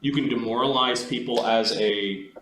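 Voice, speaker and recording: A man acts as game master, explaining the rules plainly and deciding what happens. He has a mid-pitched voice. The room echoes, and steady background noise sits under everything he says. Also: moderate pace. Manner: matter-of-fact rulings. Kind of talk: running a tabletop game.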